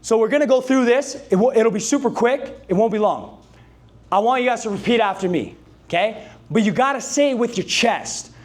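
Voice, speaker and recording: A man giving an energetic motivational speech to a live sales team, calling on the audience to answer and repeat after him. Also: very high voice, fairly quick. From Canada. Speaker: sales trainer. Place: dealership meeting room with a live audience.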